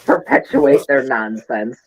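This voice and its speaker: A man's voice: medium pitch, slow pace, poor audio. A man with a Midwestern accent, co-hosting a casual podcast chat, rambling and swearing as he gets flustered. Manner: rambling, profane, flustered ranting. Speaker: podcast co-host.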